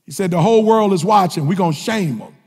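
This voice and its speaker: A male preacher with delivers a motivational sermon, his husky voice rising into shouted, sing-song refrains. His voice sits high for a man. Soft music plays under him in a hall with a long reverb. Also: expressive, fast.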